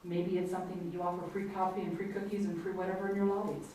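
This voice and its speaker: A woman runs a team workshop, speaking quickly and encouragingly. Her tone is dark and mellow. The recording is distant, with a strong room echo. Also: on the low side, flat delivery. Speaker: workshop facilitator. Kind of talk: team training session. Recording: echoey room, distant mic, faint noise.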